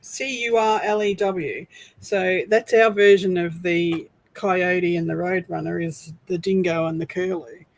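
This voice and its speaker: A woman's voice: on the low side, steady tone, measured pace, creaky, rough recording. An Australian woman co-hosting a casual craft livestream, chatty and searching aloud for words. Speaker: co-host. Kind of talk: casual chat.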